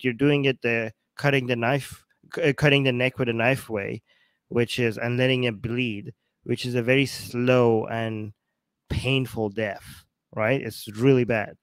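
A man's voice: medium pitch, clear, resonant tone, dry recording. A man hosting a casual talk show, rambling and searching for words as he gives his opinions. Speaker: show host.

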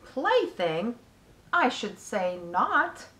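A woman voicing a wise, gentle female spider who talks slowly and calmly in a storybook reading. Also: fairly high pitch, full character voice. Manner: slow, calm, measured. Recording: echoey room.

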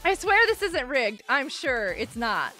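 She talks with her viewers on a live stream, giggly and bubbly though she has a headache. Her voice sits high and sounds sharp and very animated, yet her delivery is unhurried, with faint music behind her.

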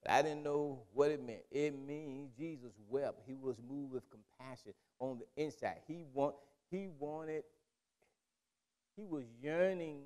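A man preaching a sermon as pastor, in emphatic call-and-response style that builds to loud, drawn-out declarations. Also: medium pitch. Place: church sanctuary. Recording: long reverb of a church hall.

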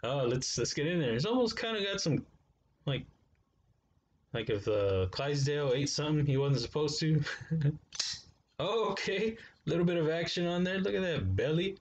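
A man's voice: a little high, expressive, normal speed, pauses often. A man chats through a casual unboxing vlog, loose and slangy, talking straight to his viewers. The audio is slightly dull and lo-fi, with a faint hiss underneath. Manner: laid-back, slangy, chatty with viewers. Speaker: knife reviewer.

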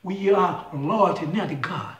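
A man preaching a fiery call-and-response sermon, shouting questions and then dropping low. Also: normal speed, far from the mic. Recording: echoey room, voice from off-mic.

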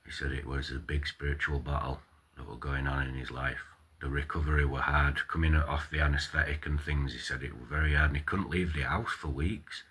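A man's voice: a bass voice, steady tone, brisk, fairly bright tone, a little hiss or hum. A man, vlogging a casual reaction and ranting with plenty of swearing.

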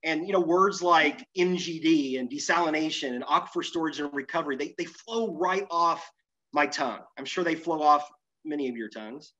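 A middle-aged man giving a lively, self-deprecating conference presentation, moving around as he speaks. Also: fairly high pitch, moderate pace. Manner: animated, self-deprecating, moves around while talking. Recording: muffled, lo-fi sound.

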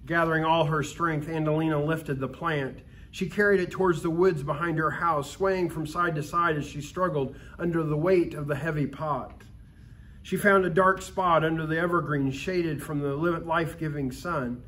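A man reads a Christmas story aloud at an even storytelling pace, giving the narration calm expression. His voice sits somewhat high, and he stumbles now and then over a word. A faint hiss runs under the recording. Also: normal speed. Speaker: story reader.

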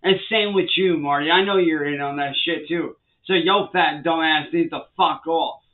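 A man's voice: on the high side, normal speed. A man ranting angrily to the camera, swearing and repeating threats and warnings at people he calls trolls. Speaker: vlogger. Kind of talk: angry rant to the camera. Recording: tinny phone-like sound.

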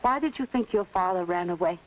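An actress playing a steady frontier woman who asks firm, probing questions. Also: fairly low pitch, a little fast, dull audio, slight background noise, close to an everyday voice.

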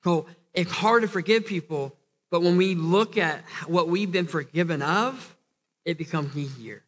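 A man's voice: a little high, a little slow, a bit bright. A man preaching a sermon as pastor, earnest, often restarting and repeating phrases, building to emphatic peaks. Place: church hall. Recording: long church hall reverb.

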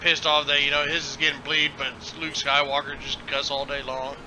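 A man's voice: a little high, completely flat delivery, moderate pace. Joking man on noisy voice chat. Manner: joking, playful, does silly sound effects. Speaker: gaming channel host. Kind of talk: casual group voice chat.

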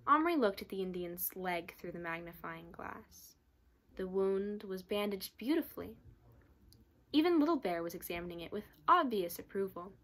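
A woman student reading a children's novel aloud with steady, expressive storytelling. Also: mid-range voice, moderate pace. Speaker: student reader.

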